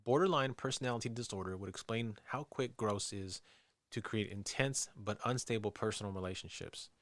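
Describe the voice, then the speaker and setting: Male podcast co-host, lowish voice, dry mic, steady script reading. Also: brisk, dry recording. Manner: reads narration steadily, laughs easily in banter. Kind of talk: reading a true-crime script, then casual chat.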